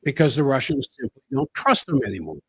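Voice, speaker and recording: A man's voice: mid-range voice, wildly swooping pitch, brisk, creaky, slightly rough, low-quality recording. A man hosting a solo commentary show, talking in an emphatic way and repeating key phrases for effect. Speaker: political commentary host.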